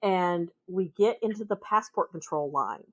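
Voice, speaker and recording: A woman with a Minnesota accent, a podcast guest telling travel stories in a casual, animated way. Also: lowish voice, moderate pace, lo-fi sound. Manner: animated, acts out voices in her anecdotes. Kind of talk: casual storytelling conversation.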